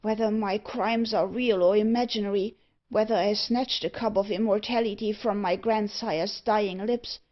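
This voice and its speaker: A woman's voice: mid-range voice, steady tone, moderate pace, dull audio, natural voice. A woman voicing a tormented young male captive in an audiobook, pleading and overwrought. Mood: anguished.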